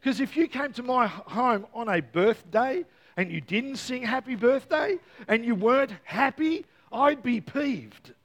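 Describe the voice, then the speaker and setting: A man's voice: very high voice, lively intonation, measured pace, fairly bright tone. A man preaching a Christmas Eve sermon, earnest and repeating key words, with playful joking asides to the congregation. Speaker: pastor.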